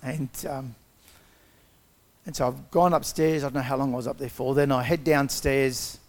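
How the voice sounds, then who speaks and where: A man's voice: medium pitch, steady tone, normal speed, darkish tone. A man giving a personal testimony, retelling events conversationally and acting out the quotes.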